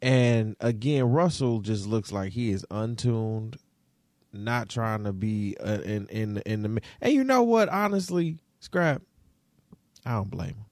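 A young man riffs on basketball as a talk-show co-host, his pitch leaping all over the place as he jumps from loud outbursts to low mutters. He swears freely and keeps it casual. The sound is close and dry. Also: a little slow, no room sound. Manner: animated, profane, swings from shouting to muttering. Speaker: podcast co-host.

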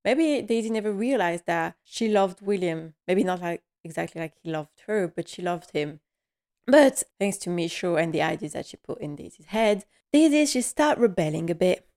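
A woman's voice: on the low side, lively intonation, moderate pace, darkish tone. A woman giving a casual episode recap, chatty and laughing often, with many fillers along the way.

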